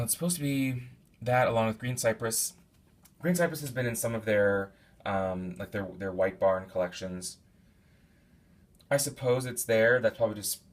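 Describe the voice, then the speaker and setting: Low-voiced man rambling through a review. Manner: rambling, many fillers and restarts; detailed, thinks aloud while describing scents. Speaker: candle reviewer. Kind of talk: casual product review.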